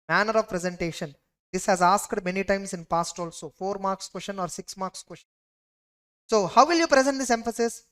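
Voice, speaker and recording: A woman with an Indian English accent giving an exam revision lecture, emphatic and repeatedly quizzing her students with rhetorical questions. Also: medium pitch. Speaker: audit lecturer.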